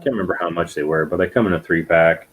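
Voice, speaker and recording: Male guest, lowish voice, halting and filler-heavy, faint background noise. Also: phone-quality sound. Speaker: guest artist. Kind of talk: casual chat.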